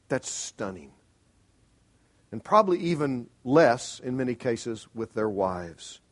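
A middle-aged pastor with a medium-pitched voice preaches a sermon. He is earnest and emphatic, pressing his congregation with pointed rhetorical questions.

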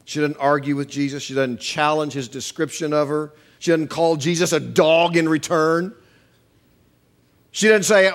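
A middle-aged male pastor preaching a sermon, animated and acting out quoted voices with humor. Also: fairly high pitch, normal speed.

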